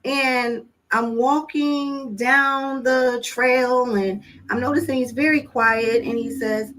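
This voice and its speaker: Woman, parenting vlogger, bright higher pitch, casual earnest storyteller who acts out dialogue. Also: steady tone, slow, few pauses, low-quality recording. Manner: conversational storytelling, acting out quoted dialogue; earnest, coaching tone with direct questions to listeners. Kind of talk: casual monologue to camera.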